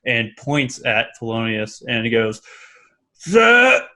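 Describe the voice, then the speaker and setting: Bright-voiced man running a tabletop game. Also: medium pitch. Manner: laughing, halting, loose narration. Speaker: dungeon master.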